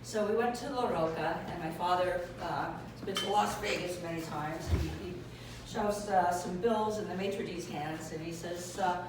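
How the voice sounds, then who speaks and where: A woman telling a funny personal story to a live audience, lively and acting out other people's voices. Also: on the low side, moderate pace, few pauses. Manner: lively, acts out voices with laughter. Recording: echoey hall from far off, noisy.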